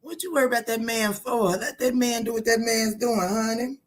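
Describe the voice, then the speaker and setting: A woman's voice: fairly high pitch, steady tone, fairly quick. A middle-aged woman who reads tarot, chatting casually and playfully on a livestream. She laughs often and answers comments from her viewers. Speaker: tarot reader.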